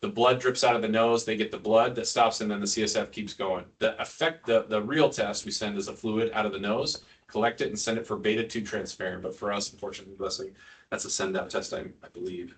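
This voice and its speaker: A lower-voiced man lectures ICU staff in a relaxed, joking way, firing quiz questions at the room. His voice is picked up from a distance in a hospital teaching room, so it sounds a little removed. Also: fast talker. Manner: informal, joking, quizzes the audience.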